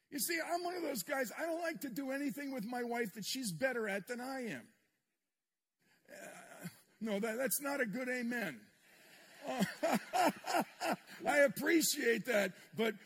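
A man's voice: very high-pitched, slightly rough. An older man preaching a sermon to a congregation, telling a personal story in a candid, self-deprecating way with touches of humor. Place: church sanctuary with congregation. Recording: long reverb in a large hall.

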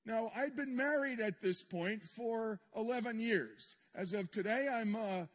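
An older man with a fairly high voice and a slightly slow delivery preaches to a congregation in a church sanctuary. He tells a personal story candidly, poking fun at himself with touches of humor, and the large hall adds long reverb.

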